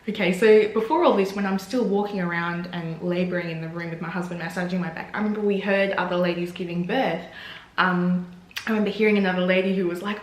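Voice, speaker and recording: A woman's voice: on the low side, fast. A young woman, telling her own birth story in a candid vlog and acting out what she said. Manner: animated, acts out her own quotes with laughter. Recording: roomy echo.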